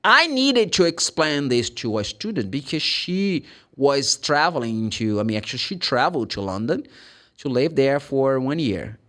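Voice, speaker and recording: A man with a Brazilian Portuguese accent teaching English pronunciation, explaining and demonstrating sounds in an animated way. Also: medium pitch, normal speed. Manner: animated, demonstrates sounds and acts out students' questions. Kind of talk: pronunciation lesson.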